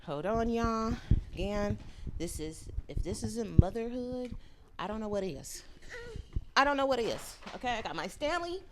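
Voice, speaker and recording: A woman's voice: fairly high pitch, animated, moderate pace, noisy background. A woman hosting a show in a casual chat, candid and profane, laughing often as she rambles while walking and tending her baby. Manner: candid and profane, with loose chatty tangents. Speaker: host.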